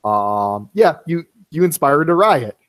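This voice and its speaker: A man narrating a tabletop game as game master, halting with many fillers. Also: fairly high pitch, sing-song.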